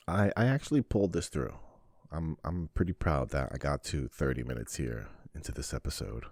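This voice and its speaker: Low-voiced profane New man. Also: expressive, normal speed, vocal fry, a little mellow, dry recording. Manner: rambling, profane storytelling with mocking asides. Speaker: podcast host. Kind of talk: solo podcast monologue.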